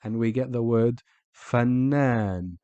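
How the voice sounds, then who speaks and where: Patient man teaching in a mellow voice. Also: mid-range voice, no room sound, dull audio. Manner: patient, repeats example words slowly. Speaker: Arabic teacher. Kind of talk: recorded teaching voice-over.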